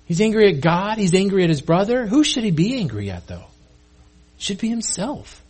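A man's voice: sits high, very animated, moderate pace, darkish tone, slightly rough. A male pastor delivering a sermon in a casual, conversational way, often repeating and restarting words.

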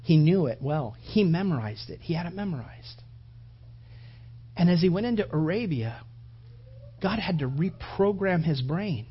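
A man preaching a sermon with passion, his voice rising toward shouts and then dropping low. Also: animated, measured pace, long pauses, slightly rough, muffled recording. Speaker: pastor.

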